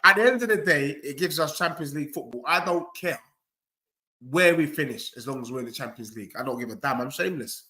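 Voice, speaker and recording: A man's voice: fairly high pitch, lively intonation, fast talker, pushed and bright. A young man hosting a football watchalong, trash-talking and answering his chat. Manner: cocky, trash-talking, addresses chat directly. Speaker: host of a football watchalong stream. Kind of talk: live stream banter reading chat.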